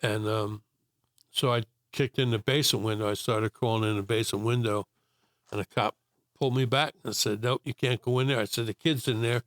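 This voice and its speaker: A man's voice: fairly low pitch, fairly even intonation, fairly quick, no room sound, clean studio sound. An older man telling his life story in a casual interview, rambling with many fillers and acting out quotes.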